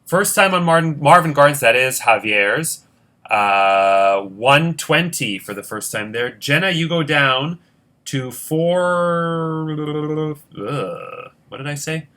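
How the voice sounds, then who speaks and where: A man's voice: a little high, expressive, takes it slowly, pushed and bright. A man hosting a board game competition, counting squares aloud and checking his sums in casual play-by-play. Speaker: host running a Monopoly-style competition.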